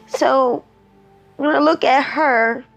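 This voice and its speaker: Woman, emotional commentary, preachy, repetitive, drawn-out delivery, high-ish voice. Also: steady tone, gravelly, highs cut off, soft background music. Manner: emotional, preachy, repeats herself. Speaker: commentary vlogger.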